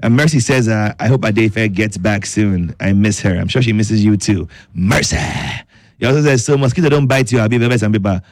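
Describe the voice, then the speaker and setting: A man's voice: fairly low pitch, a little fast, no echo. A man with a Nigerian accent hosting a midday radio show, joking with listeners and reading out their messages. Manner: playful, joking, reads listener messages aloud. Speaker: radio host. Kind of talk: lively radio chat. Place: radio studio.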